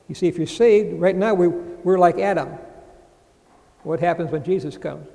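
A man's voice: high-pitched, normal speed, creaky, mellow, in a large hall. A man teaching a sermon, reading scripture aloud and explaining it verse by verse. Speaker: Bible teacher.

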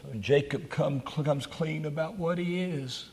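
A man's voice: fairly high pitch, unhurried, a little mellow, slight background noise. A man preaching a sermon at a camp meeting, earnest and pleading.

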